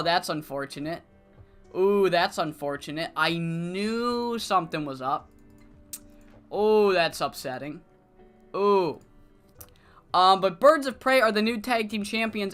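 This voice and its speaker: A man streaming a wrestling management game, talking casually, thinking out loud and swearing freely. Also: high voice, clear, resonant tone. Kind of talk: casual let's-play commentary.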